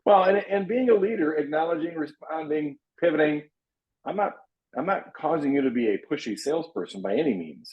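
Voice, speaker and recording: A man's voice: expressive, brisk. A man coaching real estate agents in an earnest, emphatic way, restarting his sentences often and acting out lines of client dialogue. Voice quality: low voice, frequent repeated restarts. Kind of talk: coaching talk. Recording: dull lo-fi audio.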